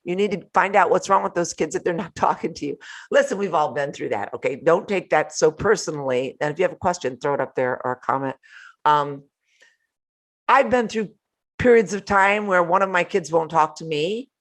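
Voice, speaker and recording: An older woman hosting a live motivational talk from home, animated and playful, laughing often between remarks. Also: on the low side, fairly quick. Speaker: host.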